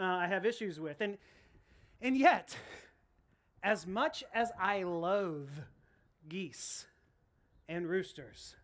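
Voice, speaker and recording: A woman pastor preaching a sermon, telling a story in a lively, animated way with frequent restarts. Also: mid-range voice. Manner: animated storytelling, laughs often, many restarts.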